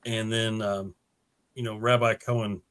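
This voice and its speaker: Bright-voiced man recapping a comic. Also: fairly low pitch, flat delivery, a little slow. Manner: earnest, recaps the plot with many "you know"s. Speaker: podcast co-host. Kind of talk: casual comic book discussion.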